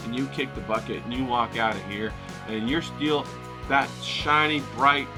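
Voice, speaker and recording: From his home in the desert, a painting channel host gives casual motivational vlog talk, rambling enthusiastically with lots of fillers and casual swearing. His voice is medium-pitched at a moderate pace, with music in the background.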